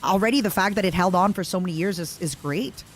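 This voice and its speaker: A woman streamer chatting casually on a collab stream, talking in quick runs full of fillers and eager agreement. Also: lowish voice, a little hiss or hum. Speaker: streamer host.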